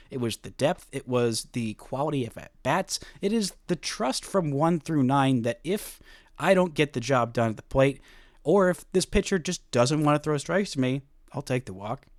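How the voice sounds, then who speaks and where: A man's voice: medium pitch, no echo, studio quality. A man hosting a sports podcast, talking casually and animatedly, mocking himself and laughing often. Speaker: podcast host.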